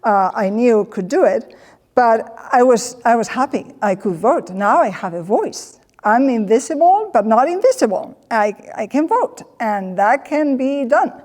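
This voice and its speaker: A woman's voice: on the high side, unhurried. Woman telling stories in a reverberant hall. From Spain. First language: Spanish. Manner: animated, acts out quoted voices. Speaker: presenter. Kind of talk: comedic personal storytelling talk.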